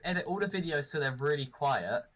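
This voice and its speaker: A man's voice: fairly high pitch, lively intonation, brisk, a bit bright. A man chatting as a friend on a game stream, teasing and repeating words as he hesitates. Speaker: co-host friend. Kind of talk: casual chat on a game stream.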